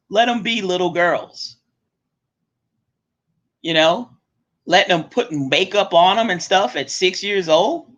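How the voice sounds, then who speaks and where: A woman hosting her own show, ranting bluntly and swearing freely, with sharp swings up and down in pitch. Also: expressive, takes it slowly, pauses often. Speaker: host. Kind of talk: profane ranting monologue. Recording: dull lo-fi recording.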